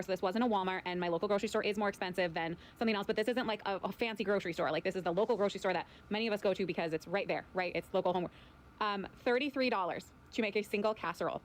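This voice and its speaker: Midwest lady ranting quick about grocery prices, annoyed, lots of likes. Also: mid-range voice. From American Midwest. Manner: fast, exasperated, filler-heavy. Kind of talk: casual vlog rant about prices.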